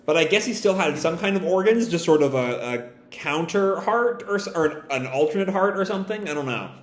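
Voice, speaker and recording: A man's voice: high voice, expressive, brisk. A man reacting live to a manga chapter, thinking aloud with hesitant restarts. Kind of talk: live reading and reaction commentary. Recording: echoey room.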